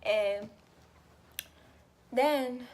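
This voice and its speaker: A woman's voice: on the high side, very slow. Chatty young woman telling a story. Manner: animated and chatty, swears freely, laughs a lot. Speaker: vlogger. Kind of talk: casual storytime vlog.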